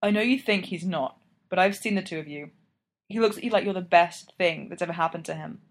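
A man's voice: sits high, fairly quick. Woman reading as a blunt young college guy, firm and teasing. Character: tipsy young male college friend, blunt and protective.

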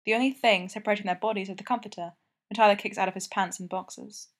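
A woman's voice: mid-range voice, fairly even intonation, fast talker. Woman narrating a romance audiobook. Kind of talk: scripted narration of a romance novel.

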